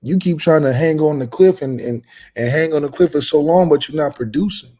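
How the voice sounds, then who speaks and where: A man's voice: a little high, fairly quick, warm tone. A man co-hosting a sports podcast in casual chat, earnest and piling up restarts. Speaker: podcast co-host.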